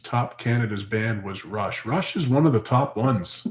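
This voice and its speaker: Male farm-channel host, loose and chatty, mid-pitched, echoey room sound. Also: a little slow. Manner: rambling, chatty, thinks aloud with fillers. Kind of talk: casual live chat answering viewer comments.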